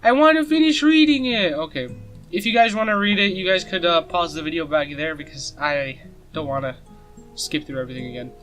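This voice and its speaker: A man's voice: fairly high pitch, fairly even intonation, fairly quick, sharp tone, soft background music. A man playing through a visual novel, reading its text aloud and commenting, swearing freely and stumbling over words. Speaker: let's play gamer.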